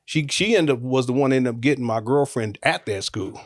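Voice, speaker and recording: A man's voice: medium pitch, fairly quick. A man in his forties telling a personal story in a casual, rambling, joking way, often restarting his sentences.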